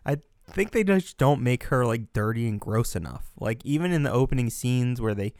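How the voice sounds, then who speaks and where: A young American man co-hosting a casual film discussion, animated and ranting, swearing and laughing often. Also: medium pitch, moderate pace, no room sound, clean studio sound. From United States. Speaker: podcast co-host.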